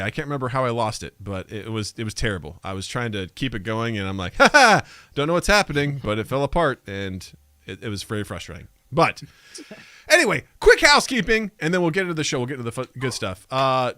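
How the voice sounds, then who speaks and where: Male podcast host, goofy and animated, bright tone, dry close sound. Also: mid-range voice, dry recording. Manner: goofy, self-mocking, animated. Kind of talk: casual podcast chat.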